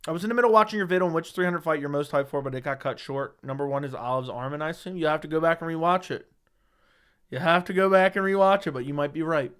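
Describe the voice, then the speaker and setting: A man's voice: on the high side, a bit bright, clear, resonant tone. A man hosting a casual livestream, reading viewer chat aloud and giving blunt, sarcastic, slangy replies into a studio microphone.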